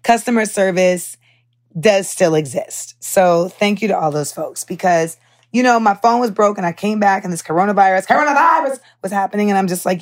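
A young American woman hosting a podcast, telling stories casually with heated, animated asides and swearing. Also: medium pitch, a little fast. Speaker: podcast host. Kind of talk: casual storytelling monologue.

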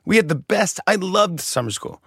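A man, a comedian guest on a podcast, chatting casually and telling lively stories that break into laughter. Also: high-pitched, moderate pace, vocal fry, breathy edge, no room sound, studio quality. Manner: lively storyteller, bursts of laughter. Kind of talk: casual chat.

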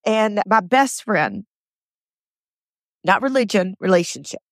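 A woman's voice: mid-range voice, very animated, slow pace, no echo, clean studio sound. A woman hosting a motivational podcast, telling personal stories in an earnest, chatty way and repeating phrases for emphasis. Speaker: podcast host.

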